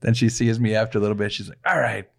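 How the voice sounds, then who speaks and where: A man's voice: fairly low pitch, monotone, very fast, a little mellow. A man co-hosting a podcast, telling a story about himself with a lot of laughter in casual chat. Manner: laughing, self-mocking storyteller. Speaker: podcast co-host.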